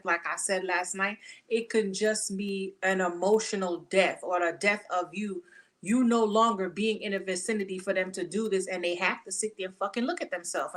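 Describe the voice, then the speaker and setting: Blunt, profane woman reading tarot. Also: mid-range voice. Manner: blunt, profane, animated storytelling. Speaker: tarot reader. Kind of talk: casual tarot reading monologue.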